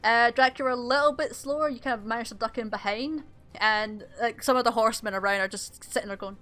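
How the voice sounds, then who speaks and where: Bright-voiced woman running a tabletop game. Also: fairly high pitch, brisk, faint music behind. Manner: casual, rambling with fillers and laughs. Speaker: game master.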